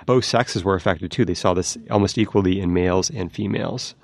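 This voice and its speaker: Male science correspondent, low and gravelly, dry close-mic podcast sound, explains eagerly. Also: brisk, dry recording. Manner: lively, explanatory, demonstrates sounds.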